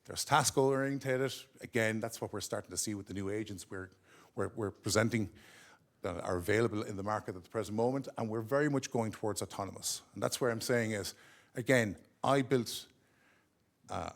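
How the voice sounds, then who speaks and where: Male presenter, gravelly, chatty conference talk, keeps checking in with "okay?". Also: fairly low pitch. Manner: conversational, often checks in with "okay?". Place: conference room at a corporate office.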